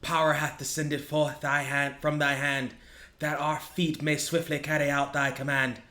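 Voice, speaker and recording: Man, solemn measured prayer recitation, slightly high voice, echoey film audio. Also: flat delivery, sharp tone.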